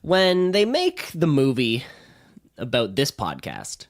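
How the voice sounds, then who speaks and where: A young man co-hosting a comedy podcast, rambling through his points with lots of fillers and restarts. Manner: rambling, halting with many fillers, lively swings in pitch. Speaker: podcast co-host. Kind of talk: casual comedic chat.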